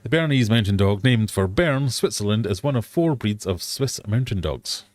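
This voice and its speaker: A British man hosting a casual live quiz stream from his fish room, playful and quick to joke at himself. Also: fairly low pitch, lively intonation, darkish tone, no echo, clean studio sound. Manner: playful, jokey, laughs at himself.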